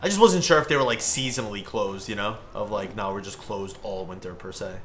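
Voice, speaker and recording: A man's voice: lowish voice, fairly quick, a bit bright, a little hiss or hum. A young man casually chatting with viewers while he plays, rambling and laid-back, full of "like" and "bro". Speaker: gaming streamer.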